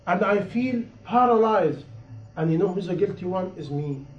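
Man preaching, high voice, impassioned, repeats for emphasis, dull lo-fi recording. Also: animated, moderate pace. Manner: impassioned, repetitive, rising and falling emphasis. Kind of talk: sermon. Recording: echoey room, dull lo-fi sound.

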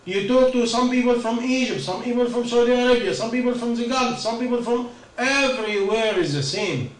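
A man's voice: very high voice, brisk, reverberant, distant mic, low-quality recording. A man giving an informal religious talk, firing rhetorical questions and answering them himself. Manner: questioning, rhetorical, non-native phrasing. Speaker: preacher.

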